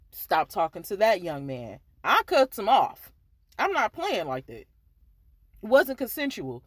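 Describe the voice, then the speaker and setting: A woman's voice: medium pitch, dry recording. Woman doing a chatty advice podcast for guys, dry close mic, keeps saying you feel me. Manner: candid and conversational, full of asides like "you feel me". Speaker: podcast host giving dating advice to men. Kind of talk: casual advice talk.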